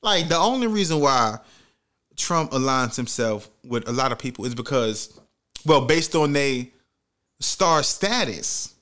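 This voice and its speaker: Animated, profane male ranting host. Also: medium pitch, a little slow. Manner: animated, heavy profanity, mock outrage. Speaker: commentary host. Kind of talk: profane comedic rant.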